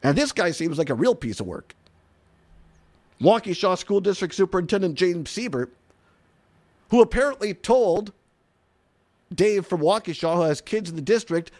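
A man hosting an opinionated talk radio show, incredulous and animated, often laughing and saying "I mean". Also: high voice.

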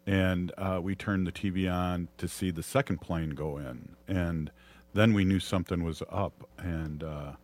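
Deep-voiced Minnesotan man, halting and reflective. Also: steady tone, darkish tone. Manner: halting, with many pauses and fillers. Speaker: host. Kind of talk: reflective podcast conversation.

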